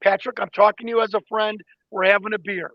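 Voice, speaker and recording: Male guest investigator with a very high voice, a lively storyteller, dry and slightly muffled sound. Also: fast, no room sound. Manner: excited storyteller, acts out quoted exchanges. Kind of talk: animated interview talk.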